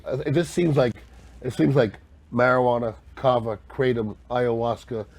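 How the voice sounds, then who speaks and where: Man, podcast host, middle pitch, casual questions, short agreeing interjections, kava bar. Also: normal speed, vocal fry, a little mellow.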